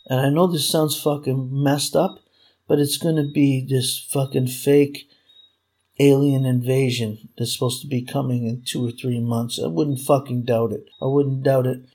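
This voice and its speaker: A man's voice: medium pitch, flat delivery, normal speed, darkish tone, breathy edge. A man delivering a furious, profane political rant straight to his audience, repeating himself as he vents. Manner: furious, profane, repetitive ranting. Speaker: vlogger. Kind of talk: angry political rant to camera.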